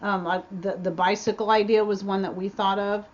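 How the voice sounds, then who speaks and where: A woman's voice: mid-range voice, little pitch movement, fairly quick. Woman, homestead livestream host, chatty, rambling, slightly dull webcam sound. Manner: chatty, rambling, restarts often. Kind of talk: casual livestream Q&A chat. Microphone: webcam mic.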